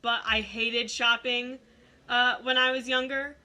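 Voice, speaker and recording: A young woman hosting a podcast, chatting casually and telling animated stories. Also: a little high, measured pace. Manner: animated storyteller, mimics voices in anecdotes. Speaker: podcast host. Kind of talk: casual chat.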